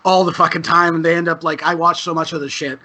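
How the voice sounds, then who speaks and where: A man's voice: fairly high pitch, flat delivery, quick pace, pushed and bright. A man, a podcast guest chatting casually, rambling and swearing freely after a few beers. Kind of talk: casual chat.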